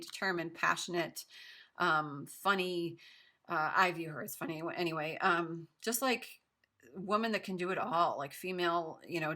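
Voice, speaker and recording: A woman giving a casual tarot reading to camera, chatty and gushing with many fillers, her voice raspy from smoke. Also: fairly low pitch, bright, forceful tone. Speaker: tarot reader.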